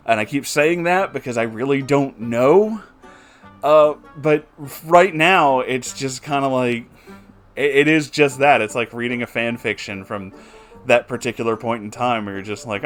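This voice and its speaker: A man's voice: medium pitch, moderate pace, faint music behind. A man hosting a casual, rambling commentary on a fan fiction he is reading. He sounds amused, fills his talk with "like" and "you know", and swears now and then.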